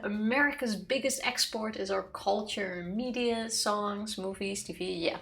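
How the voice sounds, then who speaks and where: A woman's voice: mid-range voice, unhurried, a bit bright. Dry-humored woman chatting over a game. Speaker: let's play co-host. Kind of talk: casual gaming chat.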